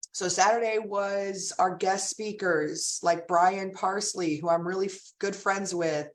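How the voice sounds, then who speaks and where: A woman telling stories in a casual vlog, chatty and animated, laughing often and using many fillers. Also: medium pitch, far from the mic. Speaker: direct sales team leader.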